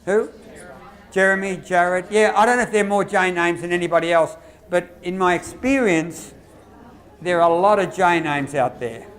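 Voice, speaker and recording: A man with an Australian accent giving a lively workshop lecture to teachers, quizzing the audience and acting out classroom phrases. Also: high-pitched, moderate pace. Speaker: lecturer on behaviour management.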